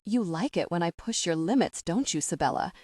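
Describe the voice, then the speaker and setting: An intense, commanding man murmurs slowly in a romance audiobook, as a woman narrator voices him. The voice sits fairly low and the recording is dry and close. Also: expressive, darkish tone, dry recording. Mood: intimate. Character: intense commanding man, a Navy SEAL lover.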